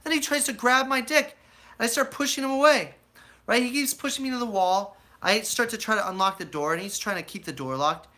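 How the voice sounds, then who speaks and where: Young american guy rambling thru his life story, bright forceful voice, a bit high. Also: a little fast. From United States. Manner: rambling, animated storyteller who acts out quoted voices. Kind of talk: casual storytelling to a live chat.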